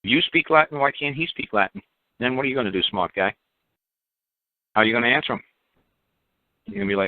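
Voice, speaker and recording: A man's voice: medium pitch, lively intonation, quick pace, pauses often. A man hosting a call-in radio talk show, talking bluntly and emphatically, repeating himself and throwing in mocking asides. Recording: phone-line audio, dry.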